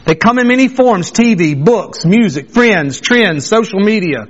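A man's voice: sits high, lively intonation, measured pace, breathy edge. A man preaching a sermon, reading scripture and then explaining it with emphatic repetition. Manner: emphatic, repeats phrases for stress. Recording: dull lo-fi recording.

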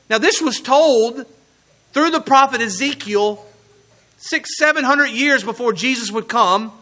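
Male pastor, high-pitched and bright, earnest sermon delivery. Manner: earnest preaching, slowing and dropping low on key words.

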